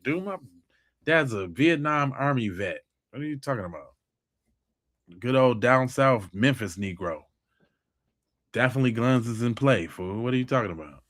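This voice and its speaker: A man's voice: mid-range voice, animated, normal speed, fairly bright tone. A man hosting a live stream, talking casually and mocking viewers' comments in a heated tone. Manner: heated, mocking, talks straight at the chat.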